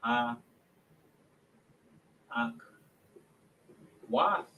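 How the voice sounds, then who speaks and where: A man teaching a language lesson, writing on a board, slowly sounding out words and correcting his own mistakes aloud. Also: mid-range voice, lively intonation, bright, forceful tone, roomy sound, slight background noise. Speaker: class teacher. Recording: dull lo-fi room recording.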